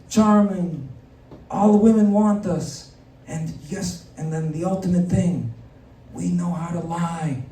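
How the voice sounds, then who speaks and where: A man doing a low, conspiratorial mafia-boss impression of a scheming president in a live comedy sketch. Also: dark tone. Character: mobster-style impression of a male president, scheming and boastful. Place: comedy venue stage. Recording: roomy venue sound from far off.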